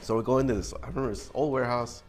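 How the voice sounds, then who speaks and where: A man telling stories in a loose, casual way, animated and liberal with swear words. His voice sits at a middling pitch, and faint music plays underneath. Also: rapid-fire. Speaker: guest telling army stories. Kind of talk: casual storytelling.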